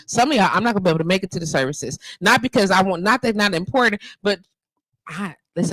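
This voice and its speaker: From a home studio, a fifty-something woman hosts live radio on a handheld mic, full of slang and casual, emphatic chatter. She has a fairly bright voice on the low side. The recording is rough and carries no room sound.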